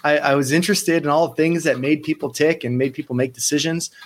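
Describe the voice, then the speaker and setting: A man's voice: on the high side, fast talker. A man in his thirties, a sports psychology coach, telling stories in a casual interview and acting out the people he quotes. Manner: animated, acts out quoted voices, frequent restarts.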